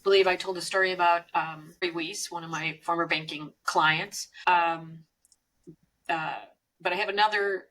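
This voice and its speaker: A woman co-hosts a business podcast in a relaxed, conversational way, spinning workplace anecdotes with plenty of fillers. Her voice sits a little low but sounds bright and forward. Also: moderate pace, a little hiss or hum, rough recording. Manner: storytelling, chatty with frequent fillers. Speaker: podcast co-host.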